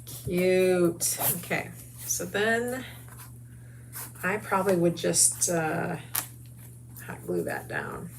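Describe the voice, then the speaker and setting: A middle-aged American woman hosts a crafts video, chatting easily with her viewers while she works. She talks slowly and her voice has a gravelly edge. A faint hum sits behind her. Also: fairly low pitch, wildly swooping pitch. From United States. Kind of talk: casual crafting talk and promo.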